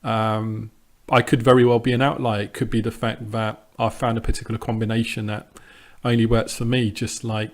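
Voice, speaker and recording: A man with a fairly low voice talks through his trading project in a loose, unscripted way. He hesitates a lot, circles back on his words, and sounds defiant and dismissive of doubters. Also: flat delivery, moderate pace. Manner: conversational with frequent ums and restarts. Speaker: sports trader vlogger. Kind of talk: casual monologue to camera.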